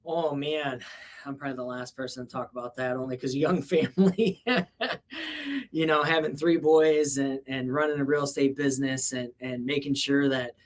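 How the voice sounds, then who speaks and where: A man's voice: medium pitch, steady tone, normal speed. A man from the Midwest co-hosting a real estate podcast, talking in an easygoing, casual way.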